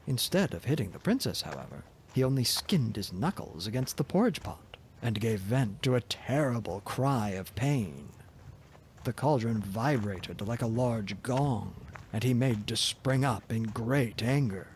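A man narrating a fairy tale in a soft, gentle, expressive reading voice. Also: mid-range voice, unhurried, a little hiss or hum. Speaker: storyteller.

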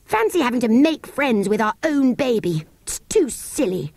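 An indignant young boy in a storybook, earnest and emphatic, his voice pitched a little high, as a woman reader puts him on. The sound is dry and close. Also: sing-song, moderate pace, creaky, darkish tone, no room sound, exaggerated voice. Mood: exasperated. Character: exasperated young boy, older brother. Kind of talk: audiobook character voice.

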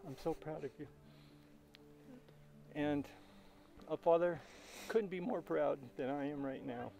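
Middle-aged dad officiating the wedding, gravelly voice, slow and solemn. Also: male voice, a little high, mellow, a little hiss or hum, poor audio. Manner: solemn, measured. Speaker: wedding officiant and father of the bride. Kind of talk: formal wedding ceremony address.

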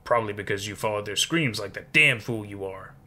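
A tiny, bent old woman with a faint Dutch accent snaps and scolds, barking short orders, as a man puts her on. Her voice has a bright, sharp edge, and she sounds impatient and fierce. It belongs in a spoken horror story. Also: fairly low pitch, a little fast. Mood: curt. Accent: Dutch-tinged.

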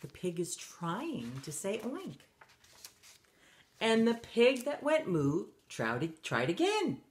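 A woman reading a picture book aloud to children, animated and stopping to ask her young listeners questions. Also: medium pitch, slow pace. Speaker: children's story reader.

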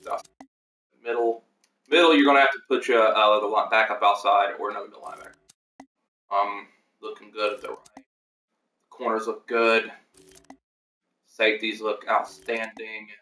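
A man's voice: lowish voice, pushed and bright, far from the mic. Chatty man, off-mic in an echoey room. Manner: chatty, rambling, with many fillers and self-corrections. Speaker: league host reviewing team depth charts. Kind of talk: casual livestream commentary.

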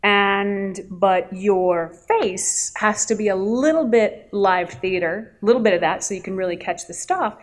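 A woman voice actress speaking as a guest on a convention panel, telling animated stories and laughing often. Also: medium pitch, a little slow, few pauses. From Canada. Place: expo panel, indoors.

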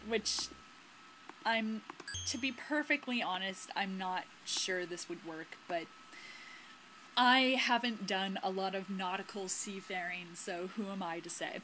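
A woman hosting a let's play, chatting playfully with quick asides over the game. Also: mid-range voice, sharp tone, slight background noise. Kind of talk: casual game commentary and reading the game's narration.

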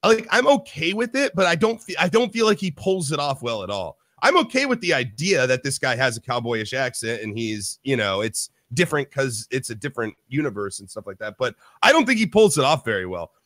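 Lively, bright-voiced man chatting. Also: mid-range voice, fairly quick, few pauses, no echo, studio quality. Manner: animated, swears, acts out quotes. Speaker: podcast co-host. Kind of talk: casual chat.

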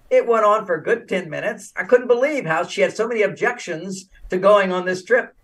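Older man, interview guest, from the US, animated, acts out dialogue, high-pitched, slightly distant mic. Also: fairly quick, few pauses. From United States. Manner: animated, acts out quoted dialogue, laughs often. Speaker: relationship author, interview guest. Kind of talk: casual interview talk with storytelling.

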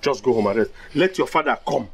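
An actor playing a boisterous, proud middle-aged father with a Nigerian accent, loud and laughing. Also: mid-range voice, expressive, a little fast, gravelly, slight background noise. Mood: jubilant.

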